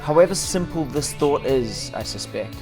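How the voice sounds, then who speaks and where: Brief: male travel vlogger, medium pitch, dry humor, casual and upbeat. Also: lively intonation, moderate pace, over music. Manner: wry, upbeat, self-mocking. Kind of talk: casual vlog talk and scripted voice-over. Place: outdoors on a hike.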